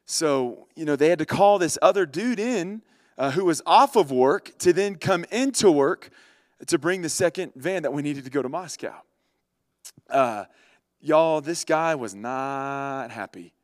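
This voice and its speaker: A man telling a story in a casual, animated way, talking straight to his listeners. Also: on the high side, moderate pace, no echo, studio quality. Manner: animated, chatty, addresses listeners directly. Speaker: vlogger.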